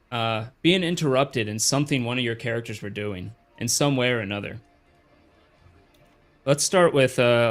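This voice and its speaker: A man's voice: medium pitch, fairly bright tone. A man running a tabletop game as game master, laid-back and chuckling, with hesitant fillers.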